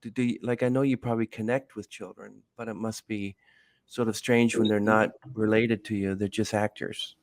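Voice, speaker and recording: A man's voice: fairly low pitch, fairly even intonation, moderate pace, no echo. Jokey man hosting a podcast. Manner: rambling, jokey questions. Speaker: podcast host. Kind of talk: interview chat.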